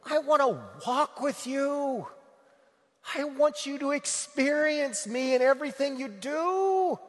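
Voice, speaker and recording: A preacher voicing an earnest, pleading Jesus. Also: male voice, very high voice, slow, big-room sound, voice pushed up. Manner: earnest, pleading, emphatic repetition. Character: Jesus speaking lovingly to a listener, male adult.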